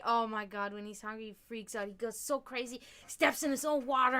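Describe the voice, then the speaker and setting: A woman's voice: fairly high pitch, brisk, few pauses, a bit bright. A woman hosting a livestream, chatting casually with her viewers in a rambling way, with lots of fillers and the occasional swear. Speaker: livestream host. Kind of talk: casual chat with stream viewers.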